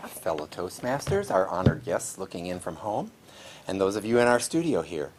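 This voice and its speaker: A man with a Midwestern American accent speaks to a small studio audience. His voice is low, and he explains things at length in a chatty way after a formal opening. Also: sing-song, moderate pace, noisy background. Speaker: table topics master. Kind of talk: meeting speech.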